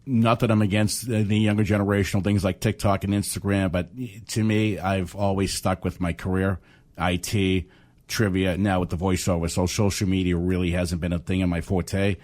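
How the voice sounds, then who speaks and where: A man's voice: sits low, flat delivery, normal speed, darkish tone. An older man with a Boston accent, a trivia host chatting as a guest on a radio talk show in a rambling, self-deprecating way. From South Boston. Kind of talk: casual radio interview.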